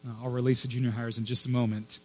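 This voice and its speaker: A man preaching a sermon in an earnest, emphatic way, dropping to a hush at times. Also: mid-range voice, level tone. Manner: earnest, emphatic with hushed pauses. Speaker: pastor.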